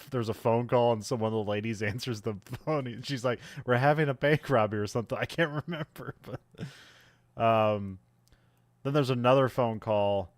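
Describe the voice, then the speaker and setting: A man's voice: medium pitch, dry recording. A man co-hosting a podcast, casually recapping a film scene by scene, rambling and laughing often. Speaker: podcast co-host. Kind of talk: casual movie recap chat.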